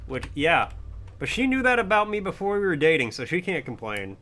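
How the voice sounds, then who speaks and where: A young man streaming a game, chatting playfully and breaking into mock-heroic shouts. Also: fairly high pitch, very animated, brisk. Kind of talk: casual gameplay commentary.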